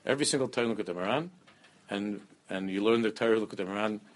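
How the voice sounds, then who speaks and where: A man giving a lively Torah class, often repeating phrases and mixing Hebrew terms into his English. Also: fairly low pitch, very fast. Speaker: rabbi teaching a class.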